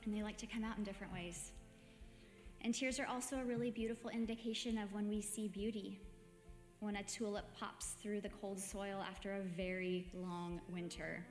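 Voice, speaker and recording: A woman gives a gentle, reflective devotional talk, easing through her thoughts with soft hesitations. Her voice rings through an echoey space with a long reverb tail, and faint music sits low behind her. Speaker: meditation host.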